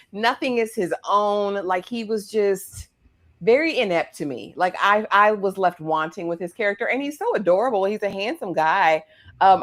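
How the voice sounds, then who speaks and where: A woman earnestly critiquing a TV character in a casual recap discussion. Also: medium pitch. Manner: earnest, opinionated and reflective.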